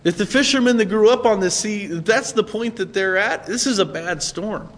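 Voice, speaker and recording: Male pastor, fairly high voice, chatty sermon delivery, long hall reverb. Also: normal speed, a bit bright. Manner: conversational, asks listeners "right?".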